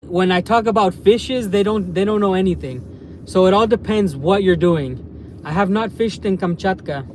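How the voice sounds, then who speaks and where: On a live stream from a small town, this American man talks at a normal speed in a high voice. He rambles casually, tacking "man" onto the end of many phrases.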